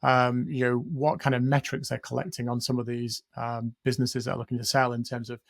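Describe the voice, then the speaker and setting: Male co-host, mid pitch, dry sound, hesitant and musing. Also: little pitch movement, brisk, gravelly, no echo. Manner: hesitant, many ums and restarts. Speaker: podcast co-host. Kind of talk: casual chat.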